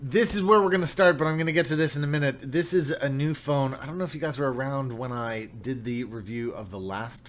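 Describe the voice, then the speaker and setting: A man's voice: mid-range voice, a little hiss or hum. A young man hosting a casual livestream, upbeat and chatty, greeting viewers by name. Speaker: livestream host.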